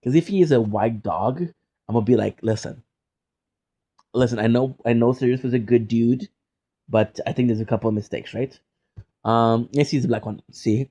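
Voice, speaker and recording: Playful teasing young man, mellow voice. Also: medium pitch, normal speed, long pauses. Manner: playful and teasing, bursts into mock outrage and repeated phrases. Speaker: live streamer chatting with viewers. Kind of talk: casual chat.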